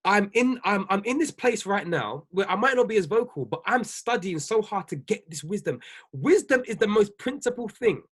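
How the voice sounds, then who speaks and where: A business coach preaches to his livestream viewers in a husky voice. His pitch leaps and dips all over as he repeats his points with emphasis, laughing often between them. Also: lively intonation, normal speed, a bit bright. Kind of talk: livestream motivational talk.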